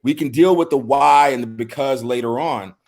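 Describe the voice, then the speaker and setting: A man's voice: medium pitch, normal speed, a little mellow. A middle-aged man co-hosting a podcast, talking earnestly and from the heart, often restarting his words. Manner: earnest, heartfelt, with frequent repeated starts. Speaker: podcast co-host. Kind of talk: casual discussion.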